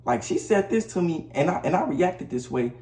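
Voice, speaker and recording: A man's voice: high-pitched, big pitch swings, moderate pace, vocal fry, warm tone. Blunt slangy man in an echoey room. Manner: blunt, preachy, slangy, repeats himself. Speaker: vlogger. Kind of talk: casual advice monologue to camera. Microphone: camera mic.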